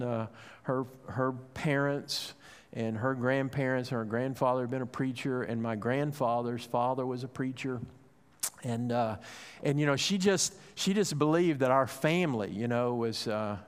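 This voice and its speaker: A pastor in his fifties, medium-pitched, preaches a sermon that starts as a loose family story full of fillers and builds into urgent encouragement. Long hall reverb surrounds the recording.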